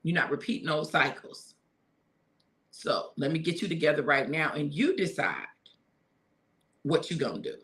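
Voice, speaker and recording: A woman quoting God as a calm, firm male voice, speaking quietly. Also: deep voice, normal speed, pauses often.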